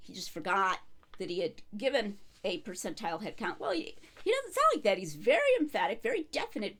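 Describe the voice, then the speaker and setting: A woman giving a solo commentary monologue, arguing her point in an emphatic, carefully reasoned way. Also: high-pitched. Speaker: video commentator.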